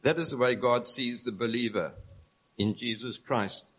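A man delivering a sermon in an earnest, explanatory tone. His voice sits at an ordinary middle pitch, and he moves steadily from one point to the next, reading scripture aloud along the way. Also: moderate pace, fairly bright tone, rough recording. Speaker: preacher.

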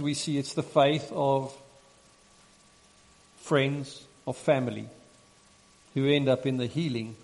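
A man preaching a sermon and reading scripture, earnest and measured, repeating phrases for emphasis. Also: medium pitch, creaky. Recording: long reverb in a large hall.

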